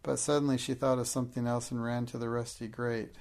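A man narrating a storybook in a measured, even reading. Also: mid-range voice. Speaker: audiobook narrator.

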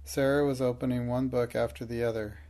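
Man, audiobook narration, gravelly, flat steady delivery. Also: mid-range voice, a little fast. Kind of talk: scripted narration.

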